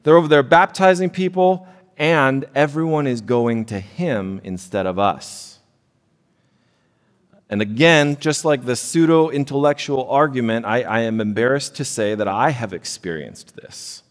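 In a church sanctuary awash with long reverb, a man in his thirties delivers a sermon in an unhurried, mid-range voice with lively intonation. This pastor keeps things conversational, pokes fun at himself, and frequently adds "right?"

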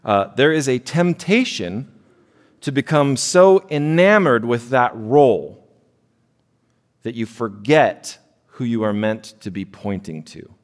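A man's voice: medium pitch, expressive, slow. A man in his thirties preaching a sermon in church, conversational and self-deprecating, with frequent "right?" asides. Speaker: pastor. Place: church sanctuary. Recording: long hall reverb.

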